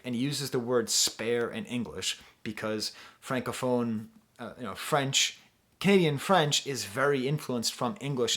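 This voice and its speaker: American man, album reviewer, casual talk, enthusiastic, digressive, mid-pitched voice. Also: fairly bright tone. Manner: enthusiastic, explains lyrics with many asides.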